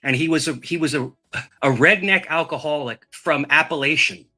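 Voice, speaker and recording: Animated bright-voiced man telling a story. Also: a little high, moderate pace. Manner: rambling, animated, swears, repeats words. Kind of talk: casual storytelling chat.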